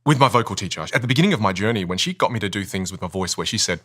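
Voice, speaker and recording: A man's voice: lowish voice, animated, very fast, a bit bright. A man who coaches communication, explaining with energy and emphasis in a podcast interview and often asking rhetorical questions.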